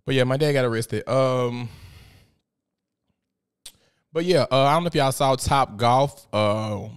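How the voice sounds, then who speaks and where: A man, hosting a podcast in a blunt, profane, animated storytelling manner. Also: mid-range voice, a little slow, clean tone. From Memphis, USA. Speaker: podcast host. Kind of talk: casual podcast monologue.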